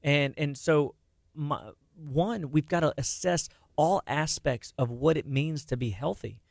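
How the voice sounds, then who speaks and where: A middle-aged man talking casually about health on a radio show, animated and quick, with many restarts and repeated words. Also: a little high, gravelly, dry recording, clean studio sound.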